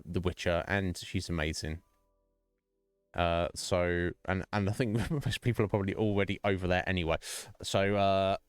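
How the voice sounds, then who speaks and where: A man's voice: low-pitched, clean tone, dry recording. A man streaming, chatting loosely as he wraps up, rambling with jokes and frequent laughter. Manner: rambling, jokey, laughs often. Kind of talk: casual stream sign-off chat. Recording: dry close mic, faint music behind.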